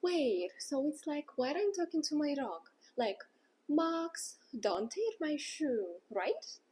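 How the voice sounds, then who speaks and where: A woman's voice: high-pitched, sing-song, slow, a little mellow, slight background noise, pitched above the performer's own voice, full character voice. A woman voicing a curious female language student who asks playful, joking questions. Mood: eager, playful.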